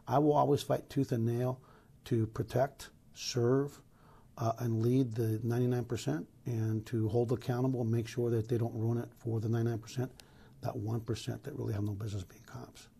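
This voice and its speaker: A man's voice: mid-range voice, little pitch movement, moderate pace, creaky, warm tone, breathy edge. A middle-aged man from Los Angeles, a police chief answering news interview questions in an earnest, emphatic way with many restarts.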